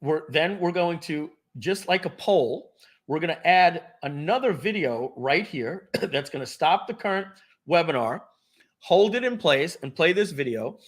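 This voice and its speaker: A middle-aged man running a live sales webinar. His voice sits a little high for a man and comes through a desk mic. He talks with eager pitch energy and tends to clear his throat and restart sentences. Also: animated, measured pace. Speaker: webinar host presenting software.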